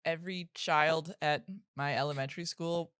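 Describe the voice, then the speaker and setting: A woman's voice: low-pitched, steady tone, moderate pace, fairly bright tone, clean tone, no room sound, clean studio sound. A young adult woman guesting on a podcast, telling stories in a chatty way full of "like". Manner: chatty, filler-heavy storytelling. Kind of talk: casual chat.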